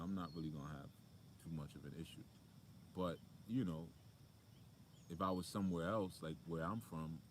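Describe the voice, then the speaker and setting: Low-voiced man preaching casually. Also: a little mellow, slight background noise. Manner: conversational, preachy, with frequent fillers. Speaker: spiritual motivational speaker. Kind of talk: casual spiritual talk.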